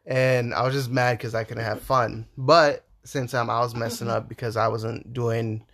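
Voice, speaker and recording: A young man talking with his mother and sister about growing up. He speaks calmly and reflectively and restarts his sentences as he searches for words. His voice is of average pitch. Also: moderate pace, creaky. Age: young adult. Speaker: grown son. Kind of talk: casual family chat.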